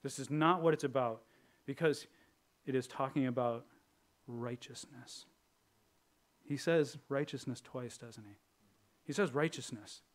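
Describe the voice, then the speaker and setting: A male pastor preaching a sermon with humor, switching between lively bursts and quiet, earnest stretches. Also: mid-range voice, measured pace, pauses often. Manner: animated and humorous, acting out prayers in a raised voice; drops to a quiet, earnest tone for serious points.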